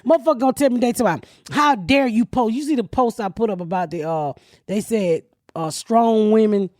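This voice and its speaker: A middle-aged woman hosting a comedy podcast, telling loud, profane stories in casual chat. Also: medium pitch, animated, quick pace, dry recording, clean studio sound. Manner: brash, profane storytelling.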